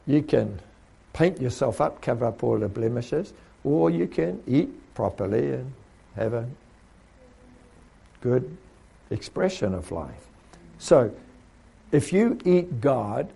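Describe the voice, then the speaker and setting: A man preaches to trainees in a mellow, husky voice with plenty of gravel in it. His pitch sits a little high and swings widely as he asks question after question. Now and then he mimics other people mid-sermon. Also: animated, slow pace, pauses often.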